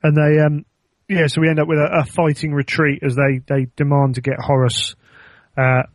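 Thoughtful man with a slightly higher voice. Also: little pitch movement, moderate pace, dry recording. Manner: thoughtful, hesitant with ums. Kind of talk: casual book discussion.

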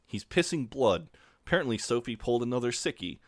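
A man's voice: medium pitch, big pitch swings, a little fast, dry recording, clean studio sound, lightly acted. A man playing a blunt, impatient male boss who rattles off orders over the phone. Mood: curt.

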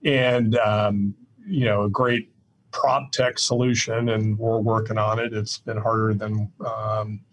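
Low flat-voiced older Midwestern man. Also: low-quality recording. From Midwest US, Iowa. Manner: measured, plainspoken, many fillers. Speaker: real estate executive guest. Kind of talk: podcast interview.

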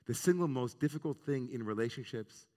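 A man's voice: mid-range voice, lively intonation, brisk, mellow. A man, a rabbi, giving an earnest, reflective sermon on the weekly Torah portion and weaving in Hebrew terms. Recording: long reverb of a large hall.

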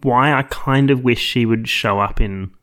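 A man's voice: mid-range voice, measured pace, a bit bright. A man co-hosting a podcast in casual chat, joking, laughing often and swearing freely. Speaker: podcast co-host.

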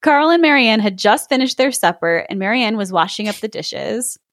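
A woman's voice: on the high side, normal speed, dry recording, clean studio sound. A woman reading a folktale aloud in a casual chat, often laughing and breaking off to comment. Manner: giggly, reads with lively interjections. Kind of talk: casual podcast chat with read-aloud story.

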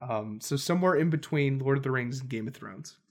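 A man co-hosting a casual tabletop game podcast, talking in an animated, rambling way and laughing often. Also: mid-range voice, a little fast. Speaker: podcast co-host. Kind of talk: casual chat about tabletop games.

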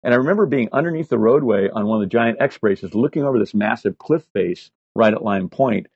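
This sixty-something man, speaking a little fast, is a guest who tells lively, profane stories crammed with filler words in a relaxed interview. He has a husky, mid-pitched voice. There's no echo, and the recording sounds dry and a touch lo-fi.

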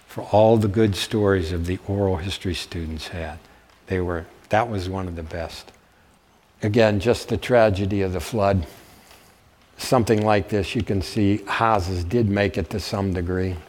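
A man's voice: deep voice, darkish tone. An older man giving a public history lecture with slides, telling stories folksily and often checking in with his audience. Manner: folksy storyteller, checks in with "okay?". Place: warm lecture room.

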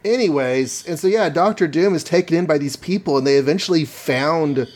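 A man's voice: a little high, fairly quick, darkish tone. Chatty man recapping a comic. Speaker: podcast co-host. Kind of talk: casual comic-book recap.

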